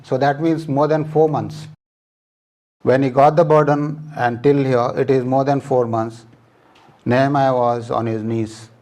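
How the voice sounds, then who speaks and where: A man preaching a sermon in a mid-pitched voice, walking listeners through scripture one verse at a time. He speaks plainly and stops often with small fillers as he explains. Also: a little mellow.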